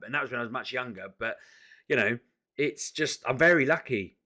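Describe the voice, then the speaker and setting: Exasperated man with a forceful voice. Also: medium pitch, a little fast. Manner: exasperated, animated storytelling with frequent restarts. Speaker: vlogger. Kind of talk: casual ranting vlog to camera.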